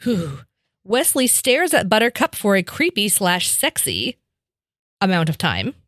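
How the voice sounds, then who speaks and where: Woman co-host, casual and wry, lively intonation, close dry mic. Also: medium pitch, unhurried, no room sound. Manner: animated, laughing, wry asides. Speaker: podcast co-host. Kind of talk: casual chat, reading a list aloud.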